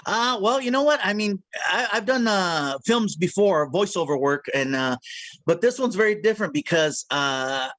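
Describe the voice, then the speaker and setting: Brief: high-pitched male comedian guest, playful storyteller, dry close sound, video call. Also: moderate pace, dry recording. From Mexican heritage. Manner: animated, playful storyteller who slips into character voices. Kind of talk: casual video interview.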